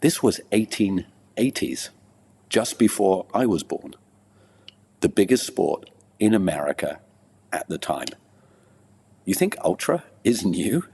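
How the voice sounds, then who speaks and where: A man co-hosting a podcast, reciting a playful comic poem with dramatic pauses. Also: sits low, dark tone, slightly rough, long reverb tail. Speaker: podcast co-host.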